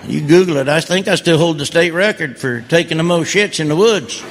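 Self-mocking man, high-pitched. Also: fairly quick, noisy background. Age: 50s. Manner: folksy, grumbling, self-mocking delivery. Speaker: stand-up comedian. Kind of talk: stand-up comedy set.

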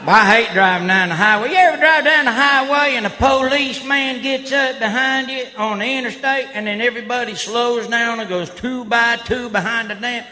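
A man doing loud redneck stand-up comedy, laughing at his own jokes. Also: extremely high pitch, normal speed, few pauses. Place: live comedy stage before an audience. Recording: live show with crowd noise.

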